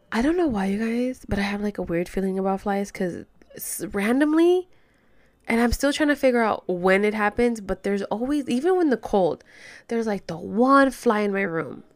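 Young woman, casual vlog rant, animated delivery with whispered asides. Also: mid-range voice. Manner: animated, swearing, code-switching slang, drops to whispers. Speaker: vlogger.

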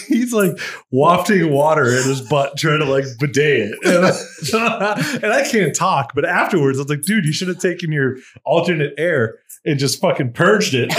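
A man's voice: a little high, a bit bright. Laughing man telling a story. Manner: laughs through his story, swears freely. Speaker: podcast co-host. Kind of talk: casual storytelling chat.

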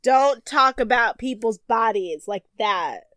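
A woman's voice: a little high, lively intonation, slow pace, a bit bright, dry recording. A young woman co-hosting a podcast, chatting casually and animatedly with laughs, swearing and many restarts. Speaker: podcast co-host. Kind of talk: casual chat recapping a reality show.

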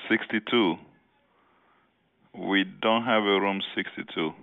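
Stammering low-voiced clerk on a phone line. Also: male voice, steady tone, slow, creaky. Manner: stammering, confused questions. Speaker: hotel desk clerk. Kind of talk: phone call.

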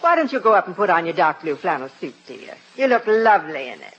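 An actress playing a sweet, coaxing wife who gets flustered, in 1940s radio comedy style. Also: female voice, lowish voice, sing-song, quick pace, a bit bright, a little hiss or hum. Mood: sweetly coaxing. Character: fussy, scheming middle-aged wife. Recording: muffled old radio broadcast.

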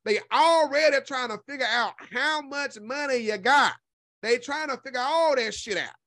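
A man's voice: extremely high pitch, normal speed, dry recording, clean studio sound. A man, a content creator, giving casual solo commentary in a sassy, profane, emphatic way, often repeating his points for effect. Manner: animated storytelling with laughter.

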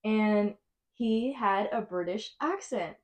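A woman's voice: mid-range voice, slow. Chatty young woman. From Texas. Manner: chatty storyteller, laughs often. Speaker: podcast co-host. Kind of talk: casual chat.

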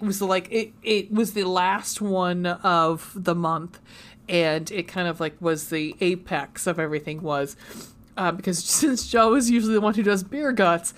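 A woman co-hosting a podcast, talking casually with many pauses and fillers. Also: medium pitch. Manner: hesitant, many ums, tearful at times. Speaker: podcast co-host.

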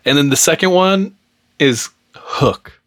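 Young man, lively pitch, casual chat, laughs a lot, slangy. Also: slow. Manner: animated, laughs often, slangy.

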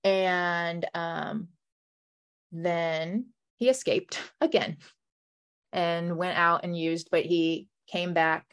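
A woman's voice: on the low side, fairly even intonation, extremely slow, clean tone. A young woman telling a personal story in a conversation, talking emotionally with many "like" fillers and acting out what people said. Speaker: guest.

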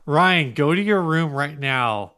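A man on a relaxed podcast, reading out a listing in a teasing, mock-serious way. His voice sits a little high for a man. He eggs his co-host on with an easy, playful manner. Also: takes it slowly, clear, resonant tone. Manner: teasing, reads listings aloud with mock quotes. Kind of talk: casual chat.

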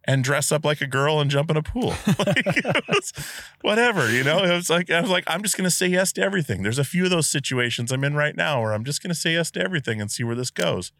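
A man's voice: on the high side, quick pace, no room sound, clean studio sound. A man hosting a podcast, telling a long casual story full of fillers and asides. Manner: animated storyteller, many fillers. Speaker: podcast host.

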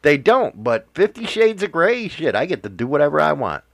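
A man's voice: on the high side, very animated, normal speed, gravelly, dry recording, clean studio sound. A man co-hosting a podcast, trading crude jokes and teasing in casual chat. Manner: crude joking banter; playful teasing. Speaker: podcast co-host.

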